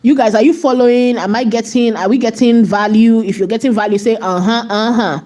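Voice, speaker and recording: A woman's voice: on the high side, fairly even intonation, fairly quick, dark tone. A woman hosting a live tutorial, chatting to her viewers as she walks through steps and often checking in with "right?". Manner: chatty, often asks "right?" and talks to the chat. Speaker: AI video tutorial host.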